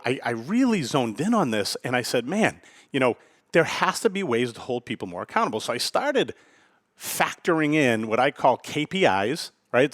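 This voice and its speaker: A man talks in a casual podcast monologue, blunt and emphatic, circling back to his points and dropping the odd curse. His pitch moves around a lot as he drives each point home. The sound is dry and close, with no room echo. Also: a bit bright. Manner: blunt, emphatic, repeats himself, swears. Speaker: podcast host and restaurant owner.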